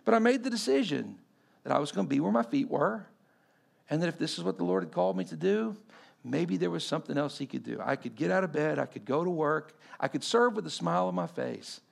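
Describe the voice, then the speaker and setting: A man in his forties from Texas, preaching a sermon and telling a personal story, acting out the people he quotes and swinging between loud and hushed delivery. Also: fairly high pitch, lively intonation, brisk, vocal fry. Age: 40s. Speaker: pastor.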